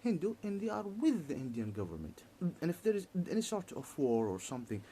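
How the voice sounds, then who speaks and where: A man giving a heated political monologue in halting, repetitive English, restarting his sentences often. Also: a little high, wildly swooping pitch, mellow, a little hiss or hum.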